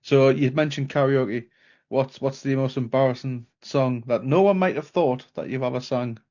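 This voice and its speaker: A British man interviews a guest in a relaxed, friendly way and often laughs along. His voice sits at a middle pitch. It comes through a dull, lo-fi connection. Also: moderate pace. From United Kingdom. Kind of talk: casual interview chat.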